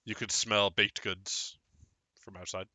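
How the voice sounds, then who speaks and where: A man's voice: fairly low pitch, little pitch movement, slow, bright, forceful tone. A man running a tabletop game as game master, narrating and ruling with a playful manner, often laughing.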